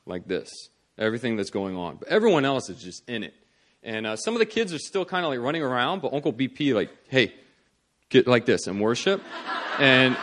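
A man in the middle of a sermon, recounting a story in an animated way. His voice sits at an ordinary middle pitch, but it swings between soft, hushed lines and loud, laughing bursts. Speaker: preacher.

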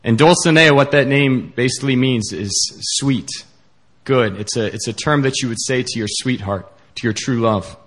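A man preaching a sermon in an earnest, halting way, with many fillers. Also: mid-range voice, fairly bright tone.

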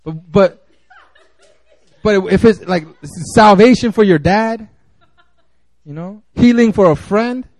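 High-voiced man preaching casually. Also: slow pace, long pauses, darkish tone, dry recording. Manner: conversational, lots of fillers and restarts. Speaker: guest preacher. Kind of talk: casual sermon.

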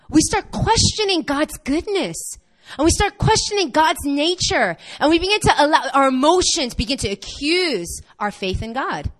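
Woman preaching, fired up, voice swoops up and down a lot, sits a bit high. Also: very animated. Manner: impassioned, rising to near-shouts on emphasis; talks straight to the congregation with quick questions. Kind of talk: sermon.

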